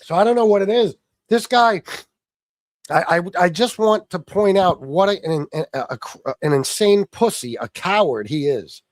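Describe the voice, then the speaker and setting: A man with a fairly high voice rants straight into a dry, close mic on his livestream. He is combative and profane and hammers the same points again and again. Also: lively intonation, a little slow, no room sound. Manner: combative, profane, repeats himself. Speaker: livestream host. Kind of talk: angry ranting livestream monologue.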